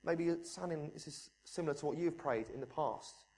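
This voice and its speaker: In a fairly quick sermon, a man speaks with passion, alternating soft, deep passages with loud, high-pitched ones. He also addresses questions directly to his congregation.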